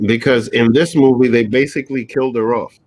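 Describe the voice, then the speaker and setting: A man's voice: medium pitch, fairly even intonation, brisk, a little mellow, husky, poor audio. A man co-hosting a casual movie review show, speaking hesitantly with many fillers. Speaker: podcast co-host.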